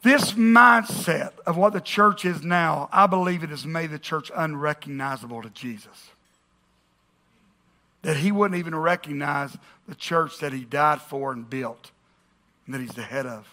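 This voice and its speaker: High, bright-voiced pastor preaching. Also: male voice, a little slow. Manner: conversational preaching with jokes and audience call-outs. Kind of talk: sermon. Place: church auditorium with congregation.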